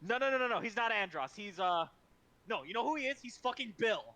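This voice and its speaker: A man co-hosting a stream, rambling excitedly and swearing as he pitches ideas. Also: fairly quick. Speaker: co-host. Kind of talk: casual streaming banter.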